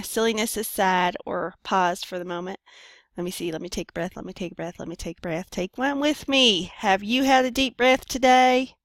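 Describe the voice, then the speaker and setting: A woman's voice: medium pitch, fairly bright tone, no room sound. A woman business coach talking on her own show in a playful, rambling, self-deprecating way. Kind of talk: casual solo podcast monologue.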